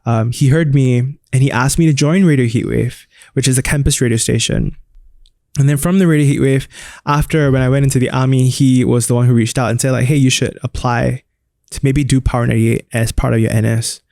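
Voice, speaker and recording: A man's voice: medium pitch, fairly even intonation, brisk, vocal fry, darkish tone, no room sound, studio quality. Candid, reflective man from Singapore. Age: 30s. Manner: open, reflective, self-deprecating. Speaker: radio DJ and guest. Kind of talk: candid interview conversation.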